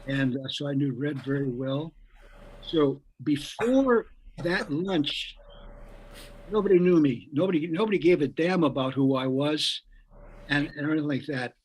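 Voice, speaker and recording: A man's voice: fairly high pitch, normal speed, slight background noise, rough recording. An older man, a guest musician, telling a long story in a rambling way. He repeats words as he goes and acts out the voices of the people he quotes. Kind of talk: anecdotal storytelling.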